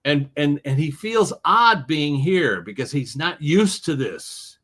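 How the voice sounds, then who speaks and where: A male author talks through an interview with the animated energy of a storyteller. His voice sits a little on the high side and jumps up and down as he explains his ideas. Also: slow. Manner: animated storyteller with wide pitch swings. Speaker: author and guest. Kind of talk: interview conversation.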